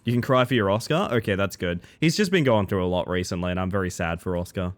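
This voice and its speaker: A fast-talking man with a low-pitched voice streams a card game. He chats casually and animatedly with viewers mid-play, breaking into playful mock-dramatic outbursts.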